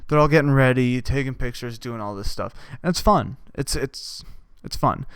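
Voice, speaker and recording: Profane rambling man, smooth voice. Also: mid-range voice, normal speed, fairly bright tone, dry recording. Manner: profane, riffing, mock voices for quoted people. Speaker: podcast host. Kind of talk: rambling comedic monologue.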